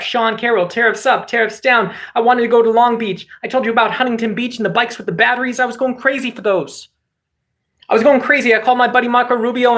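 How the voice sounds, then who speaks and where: A man's voice: extremely high pitch, a bit bright, pitched above the performer's own voice. A man doing a blustering, bragging old politician. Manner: rambling, repetitive bragging. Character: blustering boastful older male politician impression. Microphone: phone resting on a box.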